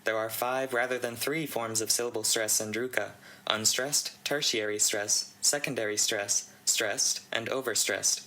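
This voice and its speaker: A man hosting a channel, reading a conlang write-up aloud in a steady read-aloud delivery with dry asides. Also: on the low side, measured pace, hardly any pauses, low-quality recording. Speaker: channel host reading a contest entry.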